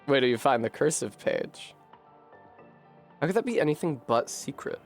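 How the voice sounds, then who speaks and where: A man streaming a game from home, working through a puzzle out loud at a desk microphone with frequent swearing and frustration. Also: mid-range voice, animated, moderate pace, soft background music. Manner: profane, puzzling aloud, frustrated. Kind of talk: live-streamed gameplay commentary.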